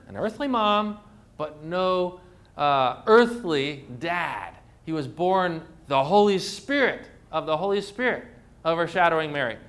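A man's voice: sits high, fairly bright tone. A man preaching a sermon as pastor, emphatic and full of rhetorical questions. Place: church. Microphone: phone.

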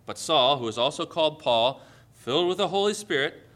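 A man preaching a sermon in a high, bright voice. He reads scripture with force and drops in sarcastic asides. His delivery stays bold and emphatic throughout. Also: lively intonation, brisk. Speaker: pastor.

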